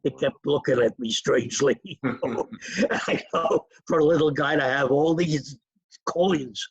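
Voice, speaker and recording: An older man, his voice gravelly and husky. He drifts from one memory to the next in a rambling, chatty way. The sound is close and dry. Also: medium pitch, moderate pace, no echo, dull audio. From New York. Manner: rambling, digressive storytelling with chuckles. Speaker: interview guest. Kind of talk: reminiscing in a casual interview.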